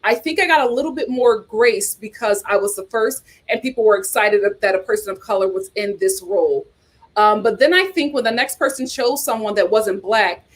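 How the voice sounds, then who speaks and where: A woman hosting a casual commentary show, reading articles and viewer comments aloud and reacting in an outspoken, exclaiming way. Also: medium pitch. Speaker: host.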